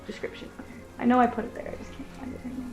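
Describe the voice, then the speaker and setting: A woman playing a tabletop game, asking quick questions in a soft voice. Her voice sits fairly high with gravelly fry in it. Faint music plays behind her. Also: level tone, rough recording. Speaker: player. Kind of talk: casual tabletop play.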